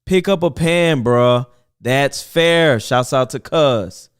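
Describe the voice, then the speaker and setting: Animated male talk radio host. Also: mid-range voice, slow pace, smooth. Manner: animated, preachy, repeats himself, laughs often. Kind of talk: casual talk radio monologue.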